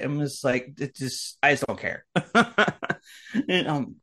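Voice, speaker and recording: A man's voice: mid-range voice, measured pace, a bit bright. A man in his late thirties, chatting casually in a rambling, crude way, often acting out what people said. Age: late 30s. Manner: rambling, crude, self-deprecating, trails into mock quotes. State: getting over an ear infection. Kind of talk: casual ranting chat.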